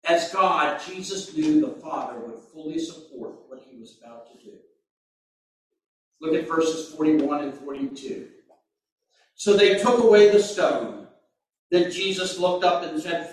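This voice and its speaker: Male pastor, fairly high voice, slow sermon delivery, very echoey church room, mic set back. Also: distant mic. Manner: slow, deliberate preaching with sudden emphatic bursts.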